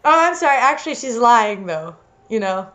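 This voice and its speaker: A woman's voice: fairly high pitch, very animated, moderate pace, fairly bright tone. Giggly young woman reading fiction aloud. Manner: giggly, theatrical. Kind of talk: comedic dramatic reading.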